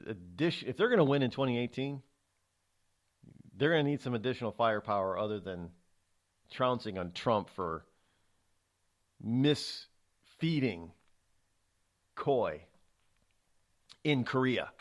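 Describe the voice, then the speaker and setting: A man's voice: mid-range voice, lively intonation, unhurried, pauses often. Sarcastic male talk radio host. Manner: sarcastic, emphatic. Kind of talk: political commentary.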